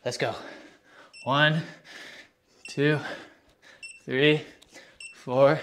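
Young male fitness streamer, high voice, winded, casual bro energy. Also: fairly even intonation, drawn-out words, a bit bright, slight background noise. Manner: hyped, casual bro talk to chat. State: out of breath. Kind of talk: live workout stream chat.

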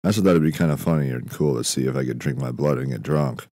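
Very deep-voiced man musing in a dry room. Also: fast talker, no room sound. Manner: meandering, self-interrupting, deadpan musing with frequent fillers. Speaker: podcast host. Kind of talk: rambling comedic monologue.

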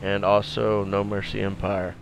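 A man's voice: on the low side, monotone, a little slow, creaky, slight background noise. A man giving casual, slangy, laid-back commentary while playing a video game. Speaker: gameplay commentator.

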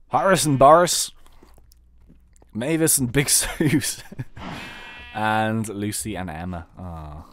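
Chatty, rambling male gamer with a slightly sore throat, lively up-and-down delivery. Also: on the low side. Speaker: game commentator. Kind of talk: casual let's play commentary.

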